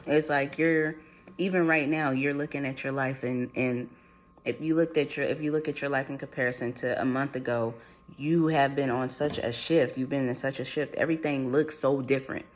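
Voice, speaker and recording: In a steady, mid-range voice at a moderate pace, a man channels a spiritual reading for his viewers. His delivery rambles and repeats itself, full of restarts and fillers.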